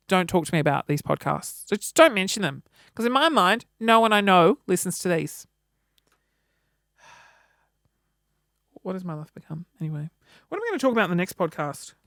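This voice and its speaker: A man's voice: high-pitched, creaky, a bit bright, smooth, no echo, studio quality. An Australian man hosting a casual solo podcast, chatty and self-mocking. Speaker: podcast host.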